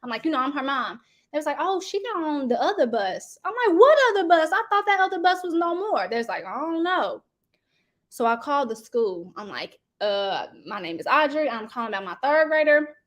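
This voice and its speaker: A woman, telling a story to her viewers in a casual, animated way and acting out the people in it. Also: high-pitched, brisk. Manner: animated, talks straight to viewers, acts out quoted people. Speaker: host.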